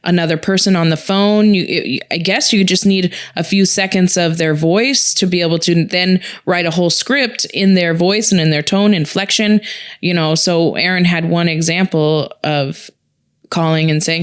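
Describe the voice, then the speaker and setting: Smooth-voiced female podcast co-host. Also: lowish voice, steady tone, normal speed. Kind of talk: casual podcast chat.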